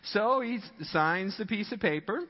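Animated pastor telling a story. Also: male voice, high-pitched, measured pace, long reverb tail, dull audio. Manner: animated storytelling, laughs often. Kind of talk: sermon. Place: church sanctuary.

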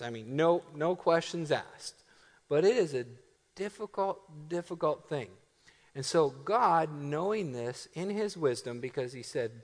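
A middle-aged man delivers a sermon in a church sanctuary. His voice is lively and moves around a lot, with playful asides and laughter that give way to slow, emphatic lines. The sound carries a long, echoing hall reverb. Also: a little high. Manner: animated, joking, laughs often, builds to emphatic slow phrases. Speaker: pastor.

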